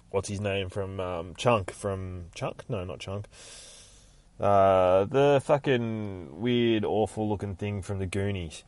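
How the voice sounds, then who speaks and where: A man's voice: fairly low pitch, darkish tone, no echo. A man casually recapping a comic book in a rambling, heavily profane way. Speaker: podcast host recapping a comic.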